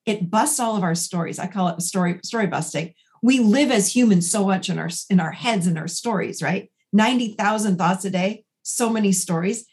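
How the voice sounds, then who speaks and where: A woman's voice: medium pitch, normal speed, few pauses. Woman in her 40s chatting on a podcast, therapist, tells stories and does the voices. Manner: animated storyteller acting out dialogue. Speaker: therapist and guest. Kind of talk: conversational podcast interview.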